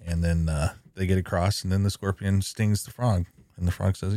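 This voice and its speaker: A man's voice: deep voice, level tone, dark tone, no echo. A man hosting a podcast, chatting in a rambling, easygoing way. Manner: chatty, rambling, quick to laugh. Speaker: podcast host. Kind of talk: casual chat.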